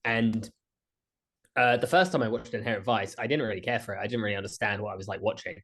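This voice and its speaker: A man's voice: on the low side, quick pace, a bit bright. A man co-hosting a podcast in casual chat, easygoing and swearing freely as he thinks aloud. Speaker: podcast co-host.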